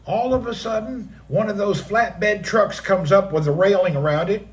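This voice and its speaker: A middle-aged man with a voice that sits high tells a personal story on his live stream at a moderate pace. He's animated and acts out the action through vocal sound effects.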